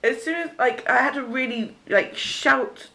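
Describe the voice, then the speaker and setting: A woman's voice: high-pitched, a little slow, bright, forceful tone, slight background noise. Young woman, from Cheshire, casual vlog chat, giggly storytelling. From Cheshire, England. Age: young adult. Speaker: vlogger.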